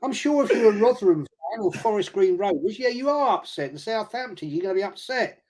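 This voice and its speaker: A man's voice: high voice, lively intonation, brisk, a little mellow. A man with a London accent joining a casual fan chat. He talks bluntly, swears, and mocks rivals in sarcastic put-on quotes. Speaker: guest fan pundit.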